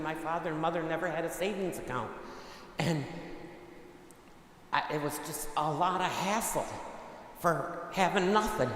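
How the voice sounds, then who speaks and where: A man's voice: fairly high pitch, fairly bright tone, slight background noise. A man, a priest, preaching a homily and telling a family story, acting out the quoted dialogue. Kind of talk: sermon. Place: large church. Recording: echoey church hall, long reverb.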